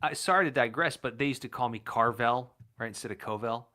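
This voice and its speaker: A man with a bright, forward voice chats on a podcast, throwing in wry, jokey asides. His delivery is loose and conversational. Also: mid-range voice, fairly quick. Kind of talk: casual podcast chat.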